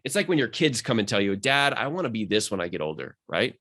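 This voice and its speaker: A man's voice: lowish voice, big pitch swings, fairly bright tone. A man who is a mindset coach, talking earnestly and with motivation in a podcast conversation. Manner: fast, earnest and motivational, rising with emphasis.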